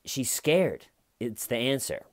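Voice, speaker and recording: A man's voice: medium pitch, big pitch swings, slow, dry recording, studio quality. A man giving casual true crime commentary in a rambling, conversational way. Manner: rambling, conversational, acts out quoted lines.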